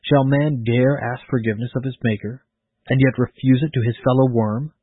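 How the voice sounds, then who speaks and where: Guy voicing an old prison priest, calm and preachy, husky, tinny phone sound. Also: medium pitch, normal speed, dry recording, close to an everyday voice. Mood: solemn. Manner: grave, preaching, solemn. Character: kindly old male prison chaplain, calm.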